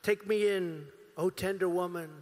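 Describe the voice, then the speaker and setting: A man's voice: sits high, steady tone, unhurried, a little mellow. A man voicing a vicious male snake that begs to be taken in and then sneers, read aloud as a poem in a long-reverb hall. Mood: pleading.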